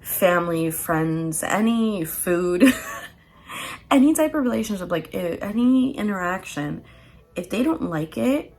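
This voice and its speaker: Woman, tarot reader, casual pick-a-card reading; raspy fry in the voice, giggly and playful, drops the odd swear. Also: lowish voice, expressive, measured pace, darkish tone. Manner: playful and chatty, laughs often, swears casually.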